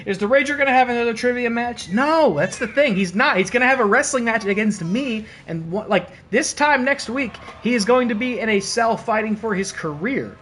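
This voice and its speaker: A man streaming and commentating a wrestling video game, excitable and laughing, with casual swearing and playful trash talk. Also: very high-pitched, fairly quick, hardly any pauses, slight background noise. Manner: excitable, laughing, bursts of disbelief.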